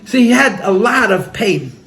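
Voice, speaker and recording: This man's voice is high, animated, and a little bright, moving at a moderate pace. He speaks as a rabbi telling stories at a gathering, sincere and heartfelt, repeating phrases and using Hebrew and Yiddish terms, with listeners in the room around him.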